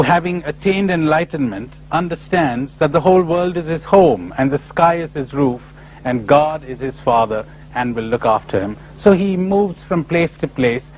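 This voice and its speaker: Recorded in low quality with a bit of background noise, this clip has a man from India delivering a spiritual lecture. He tells stories with animated energy, suddenly leaping into high-pitched voices for the characters.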